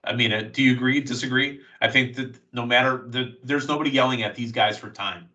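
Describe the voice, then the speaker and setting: Male podcast host, casual wrestling recap, excited storyteller, bright voice, a bit off-mic. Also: mid-range voice, fairly quick, far from the mic, dull audio.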